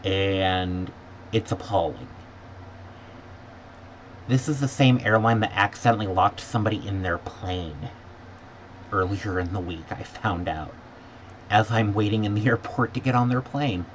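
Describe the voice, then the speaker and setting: A man with a lowish voice rants about a trip gone wrong in an exasperated, sarcastic vlog. He sometimes mimics other people in a higher pitch. The audio is dull and lo-fi, with a faint noise underneath. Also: a little slow, long pauses. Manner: sarcastic, mimics airline staff in high voices. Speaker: vlogger. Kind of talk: exasperated travel rant.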